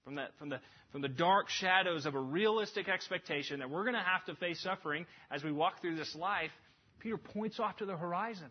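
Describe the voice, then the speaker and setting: A man preaching a sermon, earnest and emphatic, swinging between lifted passages and hushed drops. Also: high-pitched, fairly quick, slightly rough. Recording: dull lo-fi recording.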